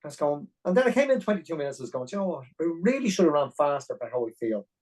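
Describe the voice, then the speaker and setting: A middle-aged Irish man telling a long personal story as a podcast guest, animated and full of detail. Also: fairly high pitch, low-quality recording. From Ireland. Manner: animated, fast-paced anecdotal storytelling. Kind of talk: storytelling interview.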